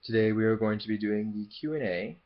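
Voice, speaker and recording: A man's voice: lowish voice, a little fast, highs cut off, a little hiss or hum. A young man from the southern US with no regional accent, chatting through a casual Q&A vlog in a rambling way, with lots of fillers and restarts. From Memphis, Southern US. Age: young adult. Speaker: YouTuber.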